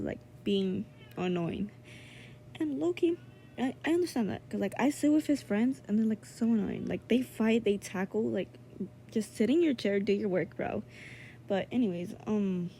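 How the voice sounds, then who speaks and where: Teen girl vlogger, casual storytelling, filler-heavy and indignant, fairly high mellow voice. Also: a little hiss or hum. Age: teenager. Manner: chatty, full of "like" and "um" fillers; indignant, animated retelling.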